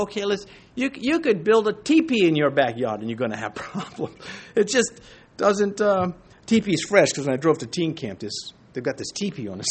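A man's voice: high voice, slightly rough. A man preaching a sermon, conversational and emphatic, reading scripture and chuckling now and then. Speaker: pastor.

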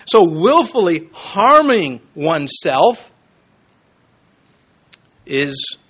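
Animated man preaching, high lively voice. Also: slightly rough. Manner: animated, emphatic, joking asides with quick swings between loud and soft. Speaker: pastor. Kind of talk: sermon.

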